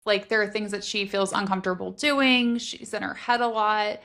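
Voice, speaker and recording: A woman's voice: mid-range voice, fairly even intonation, normal speed, creaky, a bit bright. A woman co-hosting a podcast, talking through theories about a fantasy novel in a casual, thinking-aloud way, full of "like" fillers. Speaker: podcast co-host. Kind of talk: casual book discussion.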